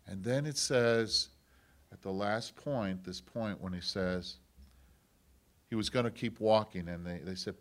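A man preaching a sermon, moving between loud, impassioned lines and hushed, near-whispered quotes of God speaking. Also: fairly low pitch, unhurried. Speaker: pastor.

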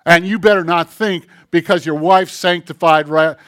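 A male pastor preaching to his congregation in a slightly higher-than-usual voice. He talks to them like a conversation, piling up rhetorical questions. He rises to loud emphatic lines, then drops to quiet, almost muttered asides. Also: fairly even intonation, normal speed. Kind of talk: sermon.

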